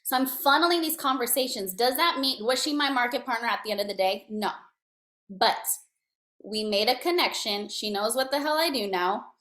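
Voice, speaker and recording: A woman giving a motivational network marketing talk, energetic and slangy, checking in with her listeners often. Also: a little high, normal speed. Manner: energetic, slangy, coaching tone with frequent "right?". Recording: echoey room.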